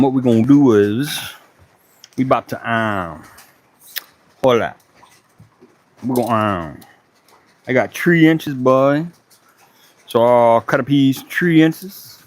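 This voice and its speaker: A man from Charleston with a Gullah Geechee accent, chatting casually and swearing now and then as he talks to livestream viewers while working in his woodshop. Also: mid-range voice. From Charleston, South Carolina. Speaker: woodworking livestream host.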